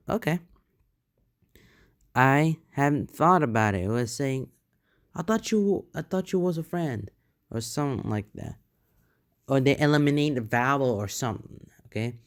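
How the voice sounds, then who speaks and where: Male host, middle pitch, clean and dry, reads posts aloud, then riffs casually. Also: smooth, no room sound. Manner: reads posts in an earnest tone, then reacts loosely with restarts. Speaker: channel host reading and reacting to online posts.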